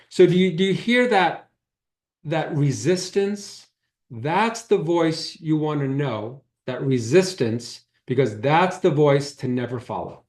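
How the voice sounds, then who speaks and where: A man's voice: fairly high pitch, a little mellow. A man, a holistic healer, giving a talk and telling an earnest, reflective story about his own past. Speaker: holistic healer teaching a workshop. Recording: roomy echo.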